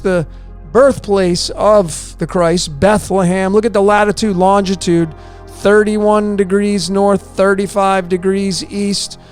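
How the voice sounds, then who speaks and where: Guy with a high voice hammering on his decode theory, asks and answers his own questions, soft music behind. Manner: emphatic, rhetorical questions, repetitive. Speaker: video presenter. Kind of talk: conspiracy decoding presentation.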